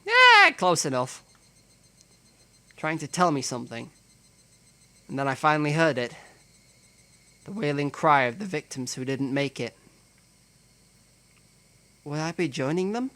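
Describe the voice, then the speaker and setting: A man reads a visual novel's text aloud for his stream, giving the lines a dramatic delivery. His voice sits a little high and sounds bright and forceful. He keeps breaking off for joking, profane asides.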